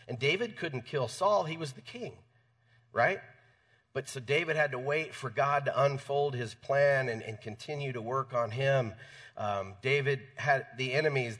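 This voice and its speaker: A man's voice: mid-range voice, a bit bright, far from the mic. Man preaching a casual sermon. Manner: conversational, repeats words, chuckles often. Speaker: pastor. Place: church sanctuary.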